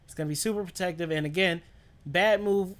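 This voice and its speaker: A man's voice: high voice, a little fast, a bit bright. Wry, opinionated man with a lightish voice. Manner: wry, opinionated joking commentary. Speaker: co-host of a watch-along. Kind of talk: casual chat over a TV show.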